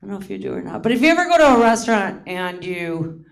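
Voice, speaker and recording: A very animated woman in her late fifties from Hawaii rattles through a self-mocking comedy set on a theater stage at a quick pace. Her pitch is medium, and she often laughs at what she's just said.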